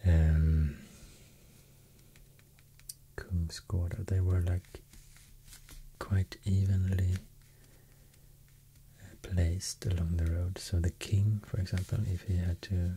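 Soft-spoken ASMR man, Swedish accent, deep and very mellow, slow hesitant whisper. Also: level tone, a little hiss or hum. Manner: soft, mostly whispered, hesitant with many fillers. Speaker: ASMR host.

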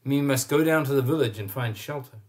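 A man's voice: medium pitch, a little fast, natural voice. A man voicing a brave, earnest young winged boy in a children's story, speaking with urgency. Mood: urgent.

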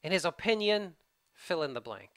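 A teacher with a Canadian accent giving a casual, quick-spoken video tutorial on English test prep. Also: mid-range voice, very animated, a bit bright, dry recording. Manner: fast-talking, casual, informal asides.

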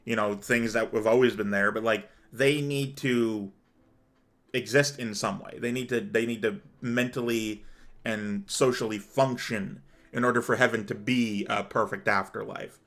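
A man hosting a let's play, rambling and digressive in casual commentary, growing excitable. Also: on the low side, measured pace.

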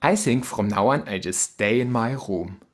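A man's voice: mid-range voice, moderate pace, over music. A man with a German accent, a German newcomer in a scripted comedy sketch, talking in a blunt, stiff and literal way.

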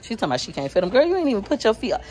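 Recording on a handheld phone, a woman vlogger chats easily with her viewers while shopping in a store. Her voice leans high and sing-song with a darkish tone, and she races through her words in this casual vlog.

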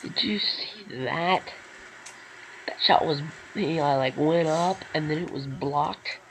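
Slow-talking man calling his own game. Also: fairly high pitch, slight background noise, poor audio. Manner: excitable play-by-play, often clears throat. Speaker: gaming commentator. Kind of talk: casual gameplay commentary.

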